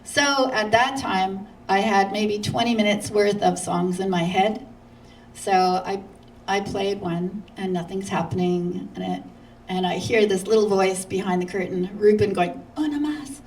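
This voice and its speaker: A woman guest speaker from Canada telling a lively story at a church, acting out other people's lines and laughing often. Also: mid-range voice, measured pace, far from the mic, slight background noise, low-quality recording.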